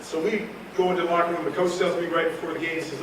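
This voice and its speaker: Brief: keynote speaker, man from North Carolina, animated storyteller in a roomy hall with faint background noise. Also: on the high side, racing. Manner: animated, humorous, acts out scenes. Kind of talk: storytelling speech. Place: large hall at a reunion event. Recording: echoey hall, mic far off.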